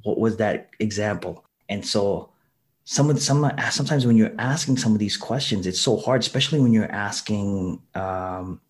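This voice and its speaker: A man telling stories in casual conversation as a guest, animated and humorous, acting out what people said, with frequent restarts. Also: on the low side, normal speed. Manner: animated, acts out quoted dialogue with humor. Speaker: guest, college instructor.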